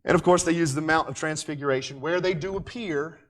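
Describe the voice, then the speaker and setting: A man teaching from the Bible with passion, swinging from loud declarations to quiet asides and slowing down to stress key words. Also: a little high.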